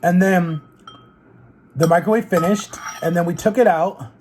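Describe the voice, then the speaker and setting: A man with a high-pitched voice tells a loose, meandering story in his vlog at a moderate pace, eating between sentences. He relies a lot on words like "like" and "literally," and background noise is present.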